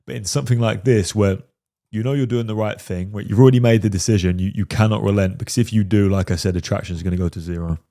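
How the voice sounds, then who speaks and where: A man's voice: fairly low pitch, steady tone, quick pace, dark tone. A man commenting on a film clip as a dating coach, emphatic and repeatedly checking in with "right?". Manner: emphatic, keeps asking "right?".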